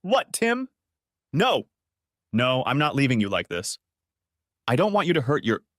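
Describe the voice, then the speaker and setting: A man's voice: medium pitch, big pitch swings, normal speed, a bit bright, dry recording, clean studio sound. A man voicing a tearful young wife who pleads and insists after being caught cheating. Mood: desperate.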